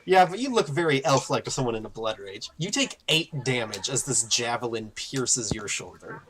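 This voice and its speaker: A man narrating a tabletop game as game master, telling the story in an animated way. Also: mid-range voice, moderate pace, rough recording.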